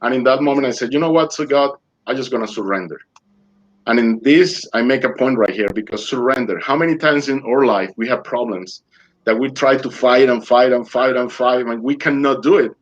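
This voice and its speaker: A man's voice: mid-range voice, brisk. Male guest, dramatic storyteller, broken English, muffled call audio. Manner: vivid storyteller who acts out his own quoted lines; loose non-native English grammar. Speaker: interview guest. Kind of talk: casual storytelling interview.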